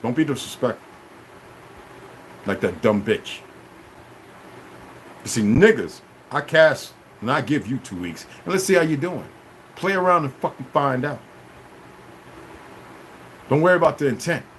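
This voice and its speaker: A man ranting on a livestream at his chat, confrontational and full of cursing, swinging between shouting and low muttering. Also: expressive, a little slow, pauses often, a little hiss or hum. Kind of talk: profane livestream rant.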